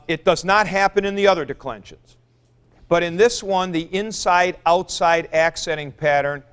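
A man lectures a classroom on Greek grammar at an unhurried pace. His voice sits a little high and comes through smooth and clear. He chants word forms aloud and stops to answer students. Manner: lively, chanting noun forms aloud, taking student questions.

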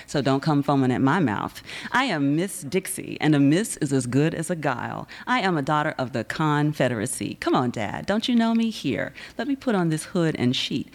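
At a university reading, a Southern American woman poet presents her work in a low voice with a darkish tone. She recites with a steady rhythm and breaks into casual chatter between pieces.

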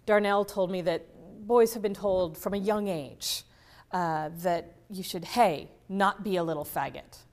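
A woman's voice: lowish voice, a little slow. A woman giving an academic conference lecture, often checking in with the audience through tag questions and restarting her sentences. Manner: restarts and repeats words mid-sentence.

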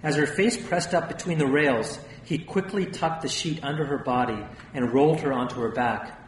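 A man's voice: a little high, normal speed. A man narrating a first-person memoir in a tense storytelling manner. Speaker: audiobook narrator. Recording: roomy, distant, faint hiss.

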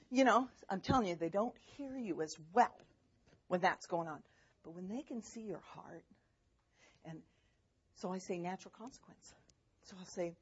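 A woman speaking as a mother giving faith-based parenting advice, animated and chatty, laughing often as she talks. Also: mid-range voice, moderate pace, husky, lo-fi sound.

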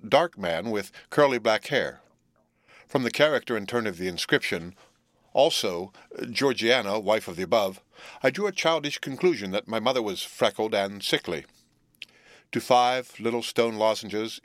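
A man narrating a classic novel as an audiobook, with a measured, deliberate reading. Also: lowish voice, a bit bright, no echo.

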